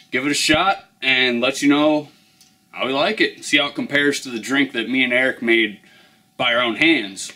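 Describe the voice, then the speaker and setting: Male host for a casual drink review, easygoing, mid-pitched, chatty with fillers. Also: bright, forceful tone. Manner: laid-back, rambling with fillers.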